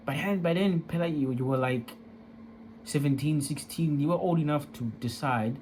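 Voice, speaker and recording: A man's voice: a little high, normal speed, darkish tone, slight background noise. A young man candidly telling a personal story, emotional and profane, in casual street slang.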